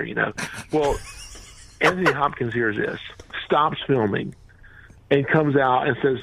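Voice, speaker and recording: A man who runs a reptile rescue, telling animated stories as a radio interview guest and acting out the quotes. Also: mid-range voice, normal speed, a little hiss or hum, low-quality recording. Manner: animated storyteller, acts out quotes.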